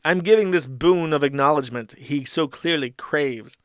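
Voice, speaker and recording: A man hosts a live stream and mocks posts in a rambling, profane rant. His voice sits a bit high and sounds dry and close. He swings from quiet mutters to sarcastic jabs. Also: normal speed, clear, resonant tone, dry recording. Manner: mocking, rambling, swearing. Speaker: streamer host.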